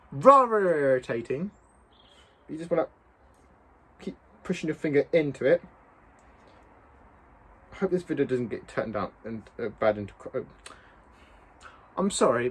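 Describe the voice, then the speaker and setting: Chatty, husky man. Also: fairly high pitch. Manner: rambling, self-mocking, chatty with asides. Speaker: cosplay prop maker. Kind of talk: casual painting tutorial.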